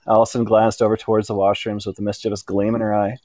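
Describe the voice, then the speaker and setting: A man reading an erotic story aloud in an unhurried way, now and then stumbling and correcting himself. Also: lowish voice, little pitch movement, a little mellow, no echo. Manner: unhurried reading with small slips and self-corrections. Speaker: narrator.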